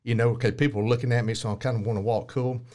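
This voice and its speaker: A man, telling a story as an interview guest, lively and chuckling often as he acts out what people said. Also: medium pitch, racing. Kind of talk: casual storytelling.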